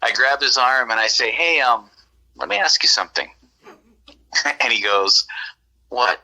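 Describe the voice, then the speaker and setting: Bright-voiced man telling a rambling story. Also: mid-range voice, unhurried, rough recording. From California. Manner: rambling, animated, acts out quoted dialogue. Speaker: guest telling an encounter story. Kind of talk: casual storytelling on a podcast.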